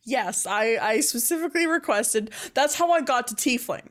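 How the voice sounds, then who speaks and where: A woman in a casual podcast chat, a tabletop player who talks fast and quotes her own past thoughts. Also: on the high side, animated. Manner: chatty, quotes herself often. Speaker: player guest.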